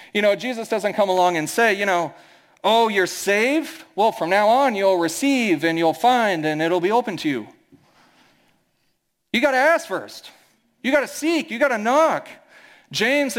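Midwestern male pastor, high bright voice, chatty preaching that slips into quoted voices. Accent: American Midwest. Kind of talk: sermon.

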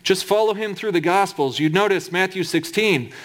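A man's voice: sits high, moderate pace. A man preaching a sermon in a conversational, humorous way, with emphatic asides.

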